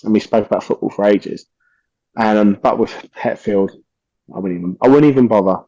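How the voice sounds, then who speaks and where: A man's voice: fairly low pitch, fairly quick, dark tone, no room sound. A man, a podcast guest telling stories casually, animatedly acting out quotes and swearing freely.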